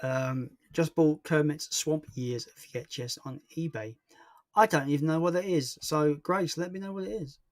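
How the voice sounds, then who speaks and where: A man's voice: fairly high pitch, moderate pace, no echo, studio quality. A young man hosting a casual livestream and chatting through viewer comments in a rambling, self-deprecating way. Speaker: livestream host.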